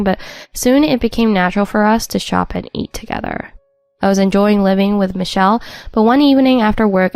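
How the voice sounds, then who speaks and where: A woman's voice: mid-range voice, vocal fry, darkish tone, dry recording. A woman narrating a first-person story in a wry, matter-of-fact scripted read.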